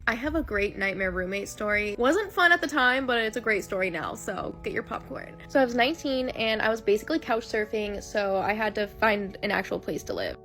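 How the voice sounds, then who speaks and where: A woman's voice: mid-range voice, expressive, brisk, few pauses, fairly bright tone, faint music behind. A woman telling a personal story in a chatty, upbeat story-time style.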